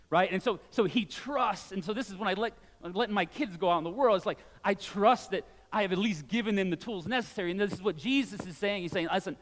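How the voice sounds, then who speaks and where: A man in his forties preaching a sermon as a pastor, conversational and animated, with frequent asides to the congregation. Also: high-pitched, fast, hardly any pauses, big-room sound.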